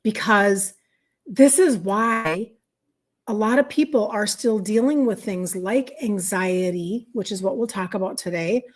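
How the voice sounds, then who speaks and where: A middle-aged woman with a Minnesota accent hosts a relaxed livestream. She talks to her viewers in a chatty way, greets them by name, and laughs often. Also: mid-range voice, a little slow. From Minnesota, USA. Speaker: health coach hosting a livestream. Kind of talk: casual livestream chat with viewers.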